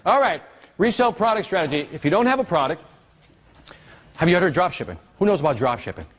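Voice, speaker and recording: Lively man teasing a seminar audience. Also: on the high side, quick pace. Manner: animated, teasing, call-and-response with the audience. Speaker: seminar speaker on marketing. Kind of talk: live seminar talk to an audience.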